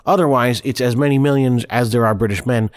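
A man's voice: mid-range voice, fairly quick. A man co-hosting a comedic podcast, indignant and blustering in his denials. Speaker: podcast co-host.

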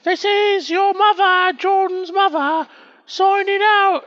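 A British man putting on a very high voice as a fake mother who rambles and halts with fillers. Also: steady tone, a bit bright, highs cut off, heavily acted. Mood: rambling. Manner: rambling, halting with many fillers. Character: a man faking a middle-aged mother. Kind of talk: comedic phone message bit.

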